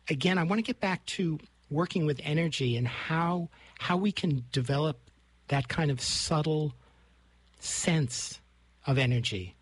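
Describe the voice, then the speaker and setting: A man's voice: a little high, breathy edge. A male host asking reflective, enthusiastic questions in an interview.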